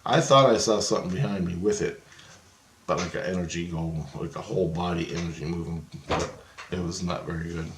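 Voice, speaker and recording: A man's voice: low voice, fairly quick, a little hiss or hum. A man vlogging in a casual, rambling monologue, swearing freely and repeating phrases as he acts out what he said. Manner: profane, repeats phrases, acts out his own quotes. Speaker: paranormal vlogger. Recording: echoey room with faint ambience.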